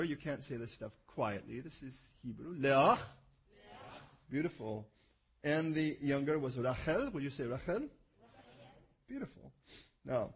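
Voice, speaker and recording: A male preacher reading scripture aloud to a congregation in an animated way, adding asides and correcting himself as he goes. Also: medium pitch, slightly rough, low-quality recording.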